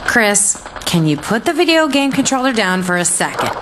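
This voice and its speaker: A woman's voice: a little high, big pitch swings, normal speed, background noise. An actress in an ad playing a dry, teasing, exasperated girlfriend. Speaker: ad actor.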